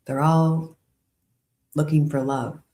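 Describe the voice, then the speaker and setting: A woman hosting an interview podcast, calm and affirming as she responds to her guest. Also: sits low, slow. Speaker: podcast host.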